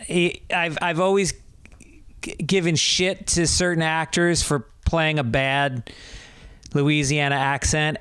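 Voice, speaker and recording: A man in his thirties hosts his own podcast and spins a long, profane anecdote. His voice sits a touch high and sounds smooth and clear. He takes his time, and the sound is close and dry. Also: dry recording. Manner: rambling, profane, animated anecdote telling. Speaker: podcast host. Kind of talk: casual storytelling monologue.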